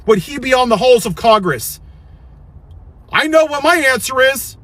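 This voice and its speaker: A man's voice: extremely high pitch, expressive, normal speed, fairly bright tone, no room sound. A man delivering preachy, confrontational commentary full of rhetorical questions. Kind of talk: direct-to-camera commentary.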